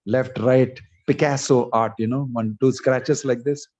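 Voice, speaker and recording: A man's voice: mid-range voice, steady tone, a little slow, darkish tone. A man giving a sermon as a monk, telling stories with voiced quotes and jokes, in a dull lo-fi recording. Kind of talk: sermon storytelling.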